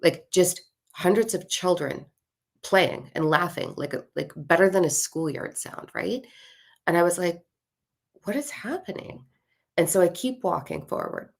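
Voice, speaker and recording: Low gravelly-voiced woman telling a story. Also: normal speed. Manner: animated, swears, acts out voices in her story. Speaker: spiritual content creator. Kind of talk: personal storytelling.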